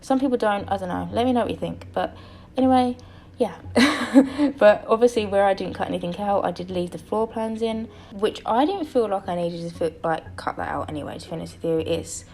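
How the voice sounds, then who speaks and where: A tired woman with a slightly croaky voice, talking in a rambly, chatty way over her own game build video. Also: mid-range voice, fairly quick, a little mellow. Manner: rambly, chatty, lots of fillers. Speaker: video creator narrating a build. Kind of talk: casual voice-over commentary.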